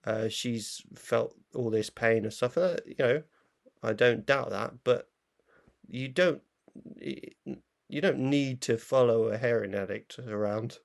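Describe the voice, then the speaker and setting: A man with a gravelly, fry-tinged voice co-hosts a film review chat. He talks loosely, circling his point with fillers and restarts. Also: medium pitch, slow pace. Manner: rambling, full of fillers and restarts. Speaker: film review show co-host. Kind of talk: casual chat.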